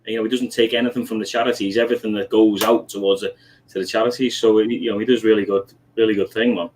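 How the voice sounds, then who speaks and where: A man's voice: lowish voice, steady tone, fast, a little mellow, slight background noise, poor audio. A man from Liverpool with a Scouse accent, hosting a casual livestream chat in a friendly, chatty way. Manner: chatty, friendly, calls people mate. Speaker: channel host on livestream.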